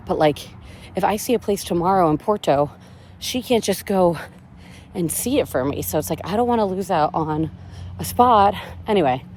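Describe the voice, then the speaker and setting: A woman's voice: sits low, a little mellow, a little hiss or hum. A young woman venting in a casual monologue, rambling and anxious, swearing often. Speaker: vlogger.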